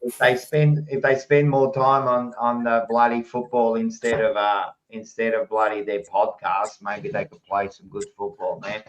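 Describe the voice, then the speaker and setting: A man's voice: lowish voice, little pitch movement, moderate pace, few pauses, rough recording. A man hosting a casual football podcast, blokey and swearing freely. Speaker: podcast host. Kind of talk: casual sports chat.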